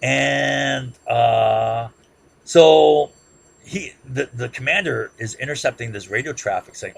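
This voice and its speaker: A man's voice: medium pitch, animated, measured pace, gravelly, fairly bright tone, husky. A man giving an impassioned, informal history lecture, emphatic and rambling, who keeps asking "right?". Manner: rambling with frequent restarts and filler. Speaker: political commentator.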